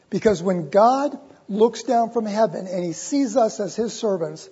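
A man preaching a sermon in a church, impassioned and urgent, repeating his words and swinging between loud and hushed. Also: sits high, breathy edge. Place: church sanctuary. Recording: dull recording with long church reverb.

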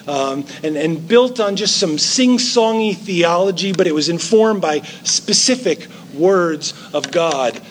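Man, middle-aged, pastor, sermon, high voice, conversational, joking asides, faint background noise. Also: measured pace, few pauses. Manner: conversational preaching with playful asides.

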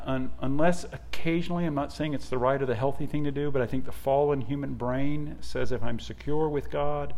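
A middle-aged man preaching a sermon as pastor. He swings from hushed, drawn-out asides to loud, emphatic declarations. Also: mid-range voice.

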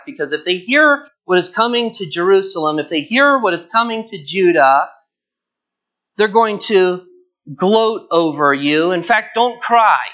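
A man's voice: high-pitched, pushed and bright. Man, Bible teacher, earnest explaining, stretches key words, muffled lo-fi sound. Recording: dull lo-fi recording.

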